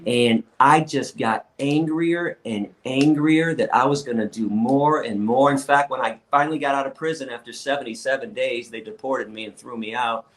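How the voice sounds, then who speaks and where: A man guesting on a podcast interview, telling blunt, animated stories and often stammering as he restarts his sentences. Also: medium pitch, moderate pace, hardly any pauses, low-quality recording. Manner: blunt and outspoken.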